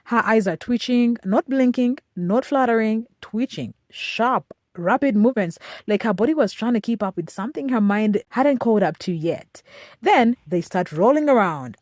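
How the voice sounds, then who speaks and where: A woman's voice: mid-range voice, a little mellow, no echo, clean studio sound. A woman narrating scripted commentary in a dramatic, emphatic way, with short punchy phrases.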